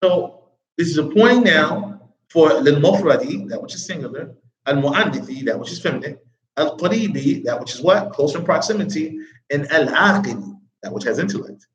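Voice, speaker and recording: A man's voice: fairly high pitch, lively intonation, moderate pace. A man teaching an Arabic grammar class, constantly quizzing his students with "what?" prompts. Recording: roomy, dull classroom recording.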